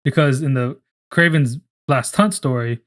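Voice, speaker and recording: A man's voice: medium pitch, measured pace. A man co-hosting a casual podcast, talking in a rambling, profane way full of restarts. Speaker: podcast co-host. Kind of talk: casual chat.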